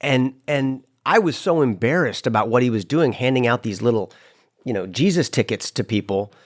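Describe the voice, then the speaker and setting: A man guest in casual podcast chat, telling a story with lively voiced-out quotes. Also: medium pitch, normal speed. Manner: animated storyteller, acts out quoted lines.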